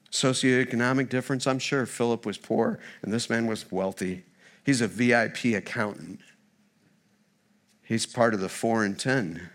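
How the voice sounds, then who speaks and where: Animated preacher telling stories. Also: male voice, mid-range voice. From United States. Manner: storytelling, humorous and animated. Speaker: guest preacher; missionary. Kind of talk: sermon. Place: church.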